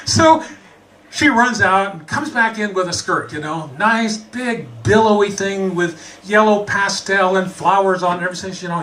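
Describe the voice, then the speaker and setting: A man from the United States spins a funny tale in a high, bright voice that swings all over. He tells it with amused energy, a little off-mic, with a faint hiss behind him. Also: unhurried, recorded from a distance, poor audio. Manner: animated, chuckling as he tells it. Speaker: storyteller. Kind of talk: humorous personal storytelling.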